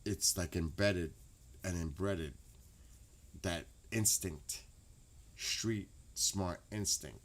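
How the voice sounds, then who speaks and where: A very deep-voiced man rambles through a late-night stream chat. He swears freely and breaks into loud laughter now and then. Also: very slow, long pauses. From New York. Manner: rambling, profane, laughs loudly.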